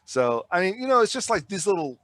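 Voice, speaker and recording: A man, a filmmaker guest, telling stories in a casual podcast chat, rambling and animated, with frequent restarts and repeated words. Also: high voice, fairly quick, no room sound.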